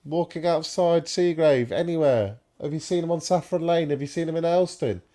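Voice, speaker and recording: A man's voice: on the high side, normal speed, warm tone. A man co-hosting a casual live fan stream, chatting and bantering. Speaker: fan podcast co-host.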